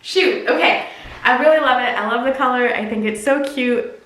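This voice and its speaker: A woman's voice: a little high, moderate pace, a bit bright. A woman casually chatting through an unboxing and try-on of clothes, gushing and talking to the items as she goes. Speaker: clothing subscription box reviewer. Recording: echoey room, mic at a distance.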